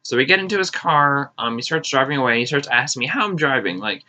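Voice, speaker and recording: Animated young man with a bright voice. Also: quick pace. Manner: animated, jumps into high mocking voices for quotes; sarcastic, swears freely. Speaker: vlogger. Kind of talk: casual storytime. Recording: slightly dull lo-fi audio.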